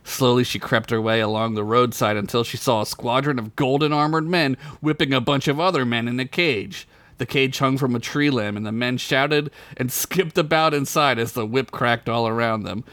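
A man's voice: medium pitch, normal speed, a bit bright, no room sound. A man hosting a podcast, reading a crude comedic fantasy story aloud and laughing at his own jokes.

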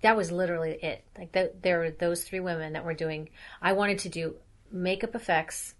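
A woman, a makeup artist, chatting casually in an interview in a hotel room, talking quickly with loud laughs. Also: lowish voice, steady tone. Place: hotel room with soft furnishings.

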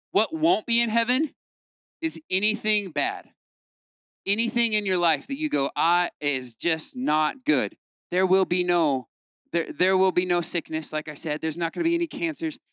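Pastor guy giving a sermon, kinda high smooth voice, dry close sound, chatty, lists stuff over and over. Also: fairly bright tone, no room sound. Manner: conversational, builds repeated lists.

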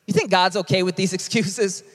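A man preaching a sermon as a pastor, animated and conversational, with quick asides. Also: sits high, in a large hall.

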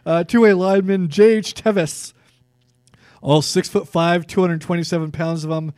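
Man with a slightly high voice chatting sports. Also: moderate pace, no echo, studio quality. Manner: relaxed, chatty, reels off stats with fillers. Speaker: sports podcast co-host. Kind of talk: casual sports chat.

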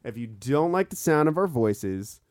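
A man's voice: medium pitch, moderate pace. A man co-hosting a casual podcast, joking about himself and laughing often. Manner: laughs often, self-mocking, animated. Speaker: podcast co-host.

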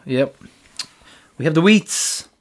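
A man's voice: fairly high pitch, expressive, slow. A man co-hosting a sports podcast in a blunt, sweary, casual way, laughing easily. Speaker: podcast co-host.

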